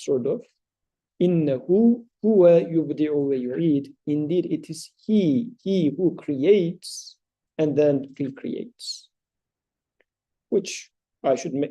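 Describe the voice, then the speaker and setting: A man teaching scripture to a small study circle, his voice slightly high yet deeply mellow and dark. He explains in a thoughtful, halting way, with fillers and restarts, and chants verses between his comments. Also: slightly rough.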